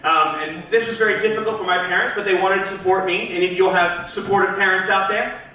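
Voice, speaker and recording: A man from Georgia doing a stand-up comedy set in a club, chatty and self-deprecating with quick asides to the crowd. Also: high-pitched, steady tone, pushed and bright, far from the mic. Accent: trained neutral American, Southern accent dropped. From Georgia, USA. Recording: echoey club heard from off-mic.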